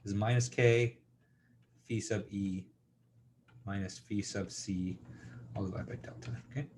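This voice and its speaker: A man's voice: fairly low pitch, fairly even intonation, a little slow, a little mellow, a little hiss or hum. A man giving a university engineering lecture, thinking aloud with lots of fillers and checking in with students.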